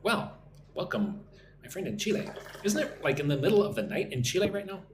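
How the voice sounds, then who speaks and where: A man's voice: high-pitched, very animated, a little fast, background noise. An American man in his forties, an English teacher hosting a live-stream lesson, chatting casually as he reads viewer comments aloud and answers them. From United States. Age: 40s.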